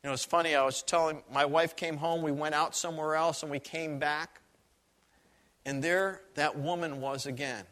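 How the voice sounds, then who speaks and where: A male pastor telling a story in a sermon, in an earnest, animated way and often repeating phrases. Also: a little high, normal speed.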